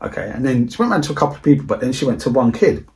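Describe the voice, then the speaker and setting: A man's voice: medium pitch, big pitch swings, very fast, darkish tone. A man, telling a rambling school anecdote in a casual, chatty way on his movie vlog. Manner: rambling, repeats himself, chatty retelling. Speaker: movie collector vlogger.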